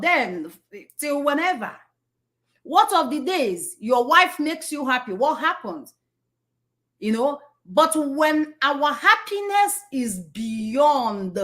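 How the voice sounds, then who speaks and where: A woman's voice: high voice, bright, forceful tone. A woman giving an inspirational talk, repeating phrases for emphasis and asking rhetorical questions. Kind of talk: slow, preachy motivational talk.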